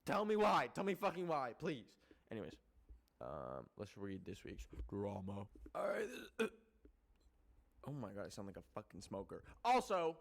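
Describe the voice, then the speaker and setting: A young man hosting a casual podcast, rambling with lots of filler words and swearing, jumping from loud outbursts to soft muttered asides. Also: lowish voice, huge pitch swings, moderate pace, vocal fry. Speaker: podcast host.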